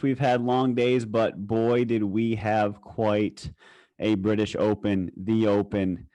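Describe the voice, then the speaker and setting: A man's voice: fairly low pitch, little pitch movement, slow pace, dark tone, no room sound. A young man co-hosting a casual golf podcast, hyped and rambling, swearing now and then. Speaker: podcast co-host.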